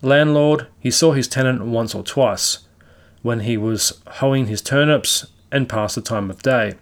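Male narrator, measured read of a spooky tale. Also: medium pitch. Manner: measured storytelling. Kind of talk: reading a classic ghost story aloud.

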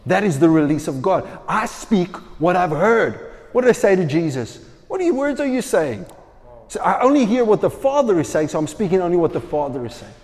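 Animated preaching man in a reverberant hall. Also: high voice, fairly quick, hardly any pauses. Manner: animated storytelling, acts out quoted voices. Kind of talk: sermon.

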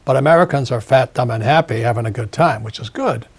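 Husky older guy ranting hard in an interview, says things twice. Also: mid-range voice, fast. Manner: emphatic, ranting, repeats phrases. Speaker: author and interview guest. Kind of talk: opinionated interview talk.

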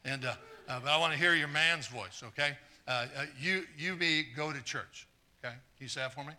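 A man preaching a live sermon, earnest and stumbling over repeated words, trading jokes with the congregation and swinging from quiet asides to fired-up exclamations. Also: a little high, fairly quick. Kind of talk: live sermon with audience volunteers.

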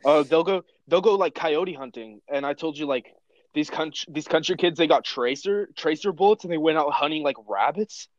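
Young guy, casual chat, loose slangy storyteller, higher-pitched, dry. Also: normal speed, no room sound, lo-fi sound. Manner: rambling storyteller, heavy slang and swearing.

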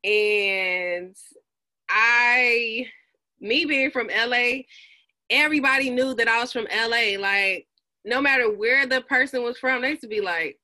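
Bright-voiced Californian woman guest. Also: fairly high pitch, a little slow. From South Central Los Angeles. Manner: animated storyteller, acts out quoted voices. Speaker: guest, psychologist. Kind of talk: casual podcast interview.

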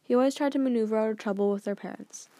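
A woman narrating an audiobook in a steady, even storytelling manner. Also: fairly high pitch, rapid-fire, no room sound.

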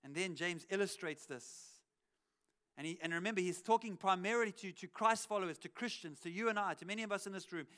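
In a church auditorium, a pastor preaches conversationally into a cheek headset mic, acting out quotes and adding wry asides. His voice is high, bright and forceful, and he speaks fairly quickly.

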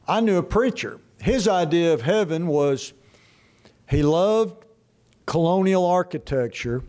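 An older man delivers a sermon in a high-pitched voice. He takes his time, leaving long pauses and repeating lines for weight. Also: warm tone. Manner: slow, drawn-out preaching with long pauses and emphatic repeats. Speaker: pastor.

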